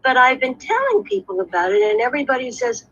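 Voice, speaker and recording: A woman's voice: high voice, very animated, fast talker, vocal fry, a bit bright, breathy edge, no echo, muffled recording. A woman guest on a video call, chatting in a rambling, self-mocking way about her week and her writing. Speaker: guest writer and actor. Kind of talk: casual video call chat.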